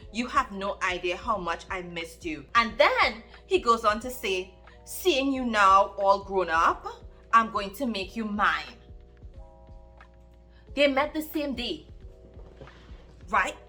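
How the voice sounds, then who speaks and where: A book vlogger with a high-leaning, sharp voice chats casually in her reading vlog. She animatedly recaps a romance plot and fires off exclaimed questions.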